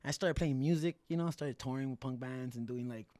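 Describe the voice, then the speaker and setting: A man's voice: medium pitch, a little fast, no echo. Candid man, dry close mic. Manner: mixes English and Spanish, swears freely, animated. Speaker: podcast guest. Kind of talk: casual candid storytelling.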